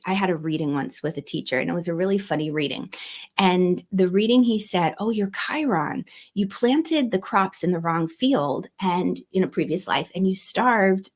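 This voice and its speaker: A middle-aged woman hosting an astrology livestream, chatty and giggly, greeting viewers by name. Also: medium pitch. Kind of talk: casual livestream talk.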